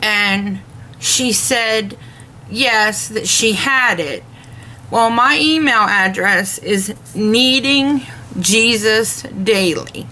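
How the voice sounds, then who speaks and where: Slow, earnest woman vlogger. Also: medium pitch, sharp tone, slight background noise. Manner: earnest, measured, retells dialogue in detail; devout, speaks of faith. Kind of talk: complaint rant to camera.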